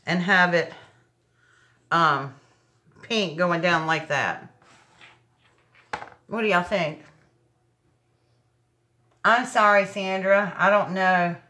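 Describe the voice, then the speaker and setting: A woman's voice: lowish voice, animated, slow, pauses often, bright, forceful tone. A woman hosting a live craft tutorial, chatting straight to her viewers as she works. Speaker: craft show host. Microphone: laptop mic.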